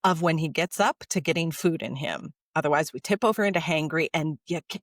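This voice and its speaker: A woman, a podcast guest, telling stories in a casual, animated way and acting out the people in them. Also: sits low, fairly quick, few pauses, no room sound, clean studio sound. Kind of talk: casual storytelling.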